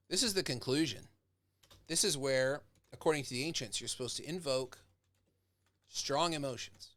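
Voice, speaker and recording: With no room sound, a man's mid-range, slightly bright voice carries a casual lecture. He's a professor who talks conversationally, acting out example speakers with mounting intensity.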